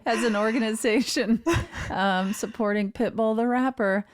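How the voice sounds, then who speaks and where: A woman's voice: fairly high pitch, fairly even intonation, unhurried, slight background noise. A woman co-hosting a podcast in casual chat, speaking hesitantly with many ums. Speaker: podcast co-host.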